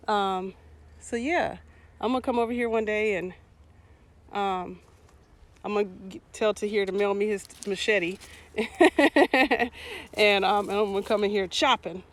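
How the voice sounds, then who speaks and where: Holding her phone outdoors, a woman vlogger gives a relaxed livestream tour of a community garden while a hose sprays nearby. Her medium-pitched voice stays steady and a bit slow, with frequent pauses. She jokes and chats with commenters as she goes.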